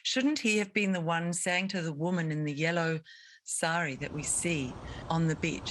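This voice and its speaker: A woman's voice: deep voice, moderate pace, noisy background. A woman interviewing a guest, speaking in an indignant, emphatic and rhetorical way. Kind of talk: impassioned advocacy interview.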